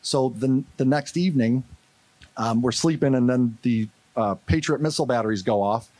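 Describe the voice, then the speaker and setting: At a conference, a St. Louis man delivers a storytelling keynote at normal speed, his medium-pitched voice recorded with no room sound. He tells the story energetically, animated as he acts out what people said.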